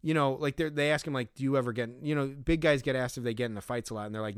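A man's voice: mid-range voice, rapid-fire, few pauses, clean tone, no echo, studio quality. A man co-hosting a casual podcast, recapping a movie scene by scene, laughing often and acting out the characters' lines. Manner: animated, laughs often, acts out quotes. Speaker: podcast co-host.

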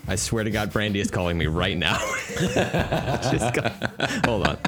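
A man's voice: low voice, moderate pace, music in the background. A man co-hosting a podcast, chatting casually and joking around with frequent laughter. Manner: jokey, playful, often laughing. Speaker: podcast co-host. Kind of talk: casual comedic chat.

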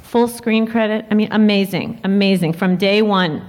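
A female composer speaking on a panel, chatty and quick to chime in. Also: medium pitch, darkish tone, long reverb tail. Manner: chatty, interjecting. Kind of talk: panel talk.

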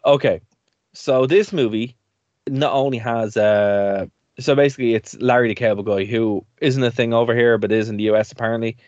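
A man's voice: mid-range voice, steady tone, normal speed, darkish tone, no room sound, muffled recording. A man hosting a radio and podcast show, chatting casually, rambling and laughing often. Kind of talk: casual chat.

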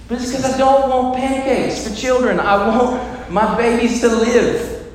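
A man's voice: extremely high pitch, fairly even intonation, a little slow. A man preaching a sermon as a pastor, telling stories dramatically and acting out the voices of the people in them. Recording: echoey hall, faint noise.

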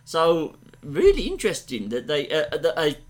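A man's voice: on the high side, normal speed. A man from England co-hosting a podcast, chatting casually about a film and joking as he quotes lines. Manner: animated, jokey, quotes lines in funny voices. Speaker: podcast co-host. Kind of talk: casual film-review chat.

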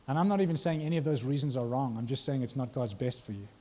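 A male preacher with a warm, mellow tone and a slightly husky edge. He speaks conversationally, often stopping to ask the congregation questions. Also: mid-range voice, fast, few pauses. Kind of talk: sermon.

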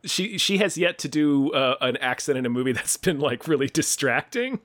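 A man co-hosting a podcast, chatting casually about movies with wry, animated asides. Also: fairly high pitch, normal speed, no echo. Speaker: podcast co-host.

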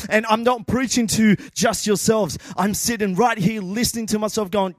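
A man's voice: sits high, a little fast, hardly any pauses, no room sound, clean studio sound. A man preaching an informal church sermon with lots of energy, repeating words and dropping casual slang.

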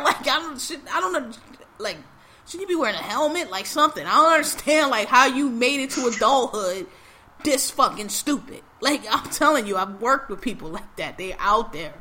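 A woman's voice: high voice, expressive, moderate pace, sharp tone, slight background noise. A woman telling a story in casual chat, acting out quotes, swearing freely and laughing often.

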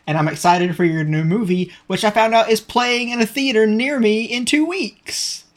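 A man co-hosting a casual podcast chat. He ribs his friends with dry, mock-serious sarcasm. His voice is a touch high for a man. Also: moderate pace. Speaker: podcast co-host.

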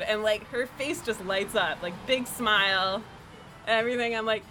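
A woman from New York telling a personal story as an interview guest, animated and full of "like" fillers. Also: medium pitch, normal speed, soft background music. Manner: animated, filler-heavy with lots of "like". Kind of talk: casual storytelling.

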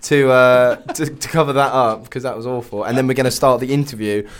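A man's voice: medium pitch, fairly even intonation, fairly quick. A man hosting a radio show, chatting casually and rambling with lots of fillers.

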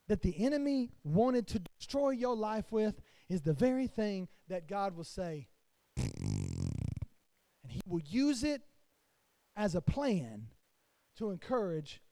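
A man, a pastor, preaching a sermon to his congregation with his voice rising and falling in loudness. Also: sits high, huge pitch swings, takes it slowly, creaky, long pauses, dry recording.

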